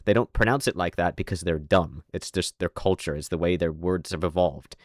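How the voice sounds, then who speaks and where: Deep-voiced man with slight Southern twang. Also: a little fast, no room sound. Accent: American with a slight Southern twang. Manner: sardonic, opinionated, dry asides. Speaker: online commentator. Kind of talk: scripted commentary monologue.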